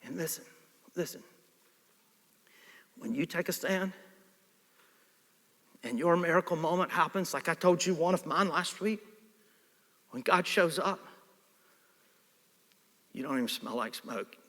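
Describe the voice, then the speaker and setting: Preacher, male, animated sermon delivery, bright and sharp, recorded in an echoing hall. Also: high voice, a little slow, pauses often. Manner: animated, swings from hushed to shouting. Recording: reverberant hall.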